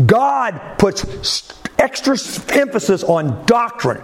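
A man preaching with a high voice, unhurried and deliberate. He asks the congregation questions and lands his points with falling phrase endings. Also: sing-song. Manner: drops pitch sharply at the ends of phrases. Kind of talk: sermon.

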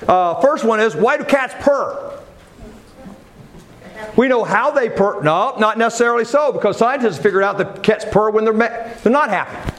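A man's voice: high-pitched, animated, normal speed, fairly bright tone, a little hiss or hum. Man preaching a conversational sermon. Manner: conversational, asks questions of the congregation.

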